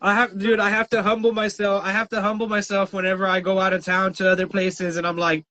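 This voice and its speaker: A man's voice: high-pitched, flat delivery, fast, bright, forceful tone. A man from South Texas hosting a casual podcast, ranting with lots of swearing and laughter. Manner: profane, ranting, laughs often. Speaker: podcast host.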